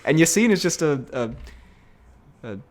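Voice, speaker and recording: A man's voice: fairly high pitch, expressive, moderate pace. A young man co-hosting a podcast in casual chat, joking around and laughing often. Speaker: podcast co-host.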